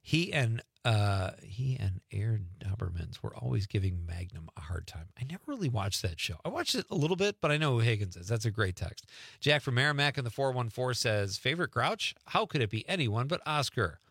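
His medium-pitched voice is creaky and husky, recorded on a studio microphone with no room sound. The middle-aged man hosts a studio radio talk show, reading listener texts with lively jokes and quick reactions.

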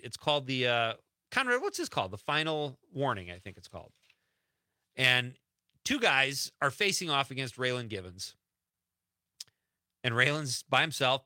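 A man's voice: mid-range voice, pushed and bright, no room sound. A man hosting a radio show in a studio, chatting loosely with plenty of fillers. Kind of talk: casual radio talk. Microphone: studio mic.

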